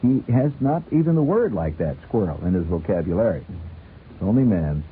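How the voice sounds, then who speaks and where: A man's voice: deep voice, big pitch swings, normal speed, a little hiss or hum. Rambling man on tinny old radio. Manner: rambling, chuckling, playful. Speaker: radio host. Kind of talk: late-night radio chat.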